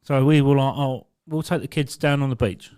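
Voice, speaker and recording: A man's voice: mid-range voice, fairly quick, dark tone, clear, resonant tone. A young man co-hosting a podcast, telling sweary stories in casual chat and laughing as he goes. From England. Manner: sweary storyteller, laughs often, acts out voices in quotes. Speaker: podcast co-host. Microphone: studio mic on arm.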